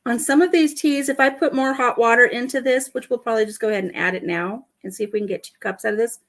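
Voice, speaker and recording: A woman's voice: on the high side, quick pace, a bit bright. A woman hosting a casual home vlog, chatting and telling stories with a lot of laughter. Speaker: vlog host. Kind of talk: casual chat while tasting tea.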